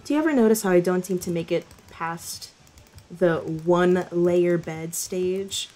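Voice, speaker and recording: A young woman giving casual, joking commentary while playing a video game, sarcastic and quick to laugh and cry out. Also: fairly low pitch, soft background music. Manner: playful, sarcastic, laughs often, loud outbursts. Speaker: gamer.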